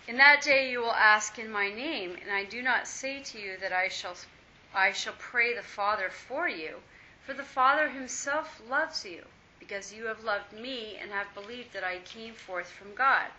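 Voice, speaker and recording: A woman reading scripture aloud in a steady, measured way during a Bible study. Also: on the high side. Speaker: scripture reader. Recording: muffled lo-fi with faint hiss.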